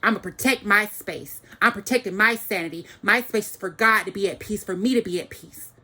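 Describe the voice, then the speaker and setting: A woman's voice: medium pitch, fairly quick, sharp tone, breathy edge. Angry ranting woman vlogger. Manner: heated, profane, repeats phrases for emphasis.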